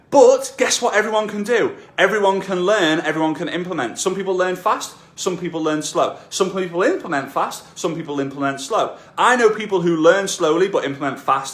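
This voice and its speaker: A man's voice: fairly high pitch, fairly bright tone. A man coaching network marketers on a casual live stream from his home, rambling and self-deprecating. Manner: chatty, self-deprecating, repeats himself. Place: room at home. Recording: echoey room.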